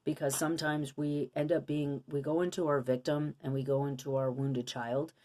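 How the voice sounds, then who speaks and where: Low-voiced woman giving a card reading. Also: flat delivery, normal speed, mellow. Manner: earnest, coaching, many rhetorical questions. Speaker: intuitive card reader. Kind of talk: casual spiritual card reading for viewers.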